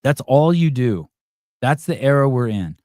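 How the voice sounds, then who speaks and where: A man's voice: medium pitch, lively intonation, unhurried, mellow, no echo, studio quality. A man hosting a podcast in casual talk, reacting to viewer comments in a blunt, profane and rambling way. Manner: rambling, self-interrupting delivery. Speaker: podcast host.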